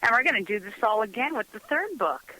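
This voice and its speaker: Chatty bright-voiced woman radio host. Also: a little high, sing-song, fairly quick, low-quality recording. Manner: chatty, laughs often, acts out quoted dialogue. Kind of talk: casual radio talk show chat. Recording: radio broadcast sound.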